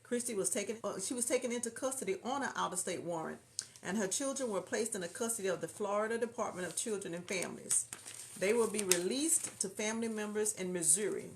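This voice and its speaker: Southern lady chatting on her livestream, thinks out loud, reads the comments. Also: mid-range voice, fast talker, slight background noise. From Houston, Texas. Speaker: livestream host reading chat. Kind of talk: casual chat.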